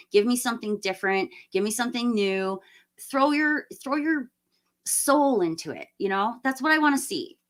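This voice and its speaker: Hosting a live stream, a woman in her forties talks movies in a blunt, opinionated way, often dissolving into laughing rants. She has a mid-range, fairly bright voice.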